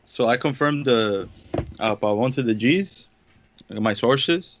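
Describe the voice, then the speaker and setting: A man co-hosting a casual podcast, relaxed and joking. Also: mid-range voice, takes it slowly, a little hiss or hum. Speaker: podcast co-host. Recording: dull, muffled audio.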